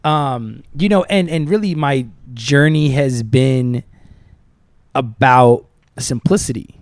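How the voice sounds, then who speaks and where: A man in his thirties, a podcast host and musician from the southern United States, chatting casually and telling lively stories with loud excited bursts and soft asides. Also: medium pitch, slow pace, no room sound. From Southern US, Tampa. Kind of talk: casual chat.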